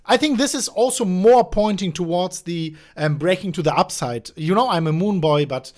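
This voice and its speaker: A man with a German accent hosting a casual market talk on a call, animated and speaking slightly broken English. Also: high-pitched, moderate pace. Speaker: host.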